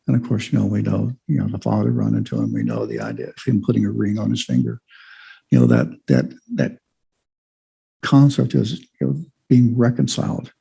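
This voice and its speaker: A man's voice: on the low side, very animated, a little fast, gravelly, dark tone, breathy edge, rough recording. A man giving an informal church Bible lesson, rambling with many fillers and restarts. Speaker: Bible study teacher.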